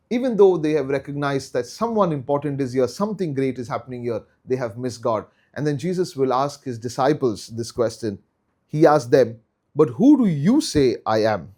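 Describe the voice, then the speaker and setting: A man's voice: a little high, darkish tone. A man teaching a Bible study in an earnest way, repeating key phrases for emphasis.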